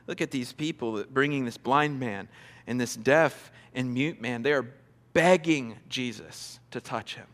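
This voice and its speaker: A man's voice: mid-range voice, a bit bright, long reverb tail. A male pastor preaching a sermon, earnest and emphatic, repeating phrases for stress, recorded in a large church.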